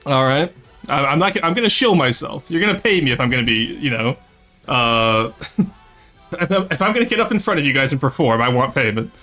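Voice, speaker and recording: A streamer at a desk microphone in a home room, joking with chat. The voice swings widely in pitch as the streamer teases the viewers and laughs often, and faint music plays behind. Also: sing-song, fairly quick, bright, forceful tone. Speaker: VTuber streamer. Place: home, second-floor room.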